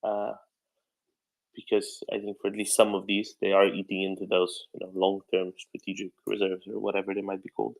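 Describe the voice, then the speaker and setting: A man's voice: low voice, monotone, brisk, vocal fry, poor audio. A man hosting a live audio discussion, talking casually in rambling bursts with many restarts. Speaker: host of a live audio space.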